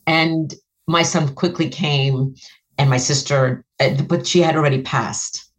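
A middle-aged woman with a low voice shares a deeply personal story as a guest. She speaks earnestly and with feeling, and her voice leaps upward when a moment grips her. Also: unhurried. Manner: earnest, animated, rises sharply when reliving moments. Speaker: guest, author.

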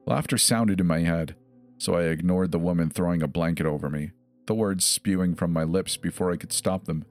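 A man telling a horror story in a measured, grave first-person narration. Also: low-pitched, a little mellow. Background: faint music.

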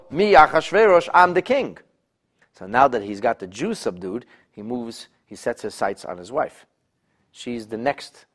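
A man leads a Torah text class in a middle-range voice that swings widely in pitch. He restarts phrases and repeats words as he searches for them, then rises to excited exclamations. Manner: animated, rising to exclamations, voices the king in quotes. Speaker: Torah teacher.

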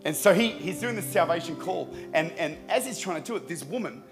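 Male pastor, storytelling sermon, animated and lively delivery, faint music underneath. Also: fairly high pitch, brisk. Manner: lively, animated anecdotes, repeats words while speaking. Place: church service.

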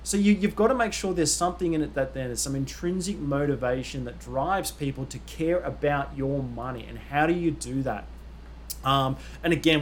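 A man hosting a podcast, talking casually and growing emphatic and animated as he makes his point. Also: on the high side, a little hiss or hum. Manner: emphatic, grows animated and forceful. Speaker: podcast host.

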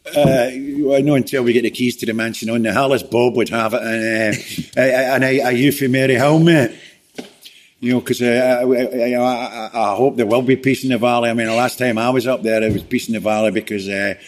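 A man's voice: medium pitch, fairly even intonation, a little fast. A man talking as a guest in a casual interview, rambling with lots of "you know" and restarts.

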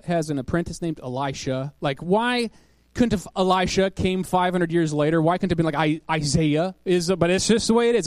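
A man's voice: on the high side, a little mellow, dry recording. A man preaching a sermon in a conversational way, asking his listeners questions and reading scripture aloud. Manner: conversational, asks the audience questions.

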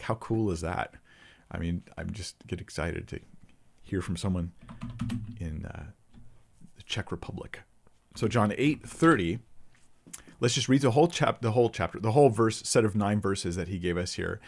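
A man with a lowish voice talks through Bible passages and viewer questions in an easygoing, off-the-cuff manner. He thinks aloud as he goes, stopping and restarting his sentences, and reads verses aloud along the way. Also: lively intonation, moderate pace, vocal fry. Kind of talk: casual unscripted Bible teaching.

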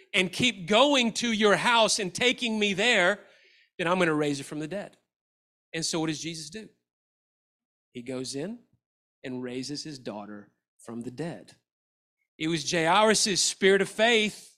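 A middle-aged man, a pastor, preaching a sermon with passion, dropping to a quiet voice when he quotes scripture. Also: high voice.

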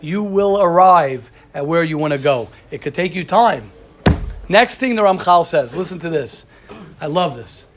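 Brief: male class teacher, animated storyteller, slightly high voice, casual lecture delivery. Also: moderate pace, noisy background. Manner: animated storyteller, addresses students by name. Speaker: teacher of a religious study class.

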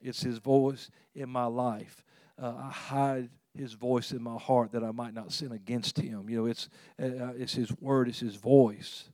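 A pastor gives a sermon in a conversational, earnest manner, often restarting phrases and abruptly rising in pitch and volume to press a point. His voice is ordinary in pitch, a little mellow and slightly slow, with fairly even intonation. The recording is dry and close with no room sound.

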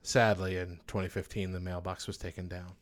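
A man's voice: sits low, little pitch movement, fairly quick. Male podcast co-host, casual, jokey trivia reader who laughs often. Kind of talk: casual chat, reading facts.

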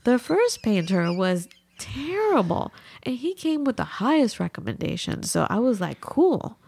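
A middle-aged woman hosting a podcast, telling a story in a casual, animated way and acting out the people she quotes. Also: moderate pace, creaky. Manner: animated, acts out quotes with big pitch jumps. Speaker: podcast host.

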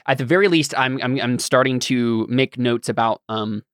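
This man hosts a casual podcast chat as a game master, talking about running games in long, loose trains of thought. His voice is mid-range and fairly bright, at a normal speed. The recording is dry and studio quality.

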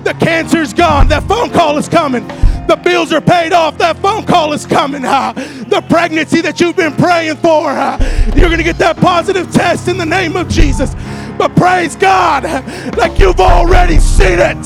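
A man with a very high voice and a gravelly edge delivers a fiery sermon. He shouts and rouses the congregation in a church, with faint music playing behind him. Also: a little slow. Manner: shouting, rousing. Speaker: preacher. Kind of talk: impassioned sermon.

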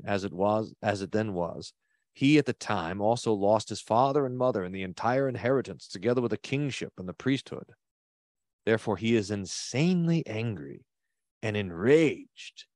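A man's voice: fairly low pitch, dry recording, studio quality. A man, a pastor, reads an old text aloud and stops to comment on it, leaning hard on key words. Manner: expressive reader who leans hard on key words.

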